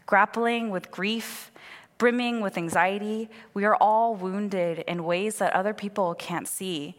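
A woman in her thirties giving a sermon, praying and then telling candid, animated stories in a conversational way. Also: mid-range voice. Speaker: preacher. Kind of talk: sermon with opening prayer. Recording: long hall reverb.

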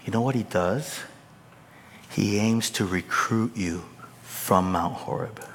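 Guy preaching a sermon real slow, big peaks then low chatty asides, long hall echo. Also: slight background noise. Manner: emphatic preaching, swings from loud high peaks to low casual asides. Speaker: pastor.

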